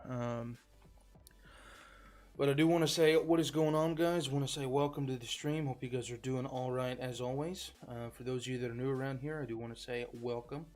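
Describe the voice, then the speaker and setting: A man's voice: medium pitch, steady tone, normal speed, darkish tone. A man streaming a game live, chatting casually to viewers in a rambling, filler-heavy way. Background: faint background music.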